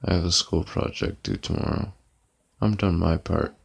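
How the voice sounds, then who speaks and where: A worn-out man talks on his live stream in a flat, deadpan monotone. His voice sits very low and rough with gravel, and he sounds lazy and sleepy. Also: moderate pace, a little hiss or hum. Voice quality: monotone delivery. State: tired and yawning. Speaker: livestreamer. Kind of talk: casual live-stream chat. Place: at home, lying back comfortably.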